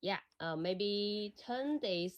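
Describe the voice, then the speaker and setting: A woman's voice: medium pitch, animated, very slow. A woman whose first language is Chinese, chatting as a guest and giving short, hesitant answers with frequent laughs. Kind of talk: casual chat.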